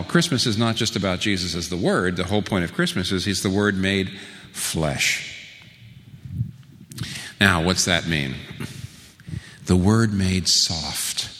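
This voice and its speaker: A man preaching a sermon, asking rhetorical questions and slowing down for emphasis. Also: lowish voice, big-room sound. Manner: rhetorical questions, slow emphatic phrasing, rising to lively peaks.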